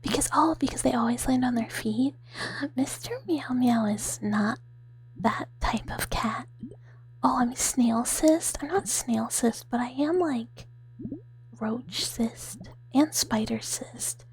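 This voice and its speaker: Breathy whispering woman, whispered role-play. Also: fairly high pitch, slow. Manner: soft whispering, giggly chat with viewers. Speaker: ASMR streamer.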